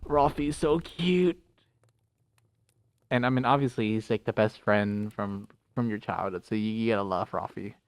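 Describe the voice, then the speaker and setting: A man's voice: on the low side, steady tone, a little fast, creaky, few pauses, clean tone, dry recording. A man casually reading a visual novel aloud and chatting about it, rambling with many fillers. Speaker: visual novel reader and streamer. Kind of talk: casual game read-through commentary.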